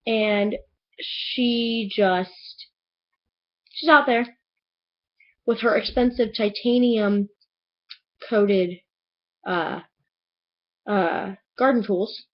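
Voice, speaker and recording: A woman's voice: on the high side, slow, pauses often, dull audio. Gushing young woman retelling a book. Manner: gushing, chatty retelling with many "like"s. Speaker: book reviewer. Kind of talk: casual book review vlog.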